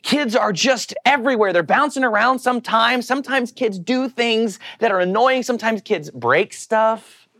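An extremely high-pitched male voice, moving at a moderate pace, preaches casually to his listeners. He keeps things lively with humor, questions for the audience, and acted-out voices from the story.

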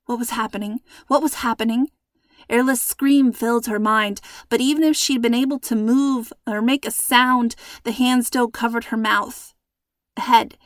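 A woman's voice: on the high side, fairly bright tone, no room sound, studio quality. Woman narrating a suspenseful storybook. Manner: measured, suspenseful reading.

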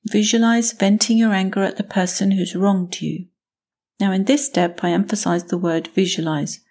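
Woman, self-help podcast host, measured and instructive, husky with some fry. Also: mid-range voice. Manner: measured, gently instructive, speaks in steps and lists.

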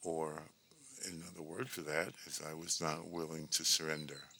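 Guy talking slow and steady about recovery, low gravelly voice, lots of uh pauses. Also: a little hiss or hum. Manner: slow, measured, with pauses and fillers. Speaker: speaker on twelve-step recovery. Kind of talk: reflective talk.

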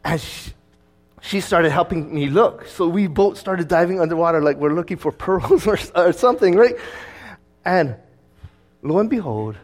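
A man preaching as a pastor, telling a personal story in a conversational, lively way. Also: fairly high pitch. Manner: conversational storytelling, with fillers and restarts; lively, acting out his own past words.

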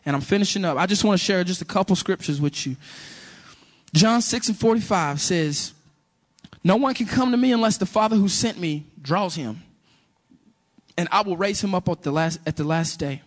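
A man's voice: sits high, moderate pace. A man preaching a sermon and telling a personal story, acting out the dialogue as he goes. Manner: animated storytelling, acts out dialogue.

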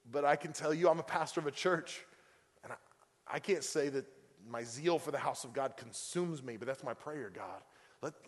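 A man's voice: a little high, slightly rough. Man preaching in a reverberant hall. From Oklahoma. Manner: conversational preaching with fillers and acted-out quotes. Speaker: pastor. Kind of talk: sermon. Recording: long reverb of a church hall.

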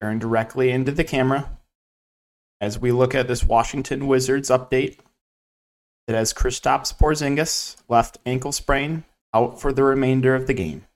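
A man hosting a fantasy sports podcast in casual solo commentary. He is sarcastic and exasperated, keeps repeating "right?", and swings between low mutters and loud outbursts. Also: fairly even intonation, moderate pace. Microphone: camera facing speaker.

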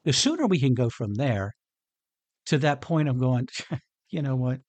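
A man's voice: medium pitch, big pitch swings, unhurried, breathy edge, no room sound. A man hosting a motivational podcast on his own, talking earnestly and conversationally and chuckling often. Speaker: podcast host. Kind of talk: motivational solo podcast talk.

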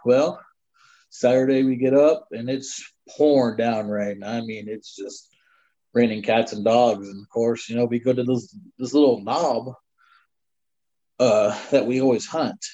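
A man's voice: medium pitch, fairly even intonation, measured pace, mellow. A middle-aged man telling a long personal story in casual conversation, rambling with many fillers. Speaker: guest storyteller. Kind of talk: casual spoken hunting story. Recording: slightly dull lo-fi sound.

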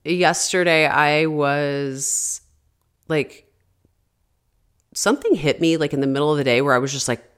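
A woman's voice: deep voice, measured pace, pauses often, clear, resonant tone. A woman in her thirties hosting a podcast, telling a story casually, peppered with "like" fillers and swearing. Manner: chatty, constant "like" fillers, frequent swearing. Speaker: podcast host.

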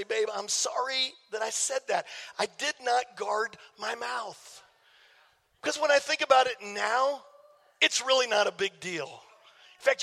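A man, a pastor preaching a sermon, telling a story with jokes for the congregation in an animated way. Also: very high voice, creaky. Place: church sanctuary. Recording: long hall reverb.

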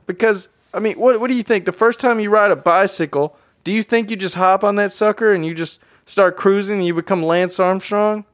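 A man's voice: high-pitched, brisk, few pauses. A man hosting a motivational podcast, talking energetically and repeating phrases for emphasis while addressing his listeners as guys. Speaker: podcast host. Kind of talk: motivational monologue.

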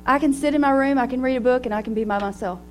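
A middle-aged woman speaking to a women's gathering in a personal, animated way, laughing often as she talks. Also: sits high, very fast, slight background noise. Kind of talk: devotional talk to women.

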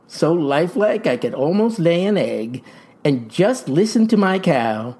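An actor playing a folksy farmer pitching a tonic in a comic ad, with verbose, showman's patter. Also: very animated, unhurried, a little mellow. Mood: boastful pitch. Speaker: pitchman in a mock radio ad. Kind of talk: comic radio ad acting.

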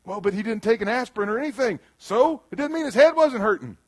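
A pastor with a very high voice preaches fast and animatedly in a church room. He jumps from loud bursts to quiet, earnest passages and gives voice to the people he quotes.

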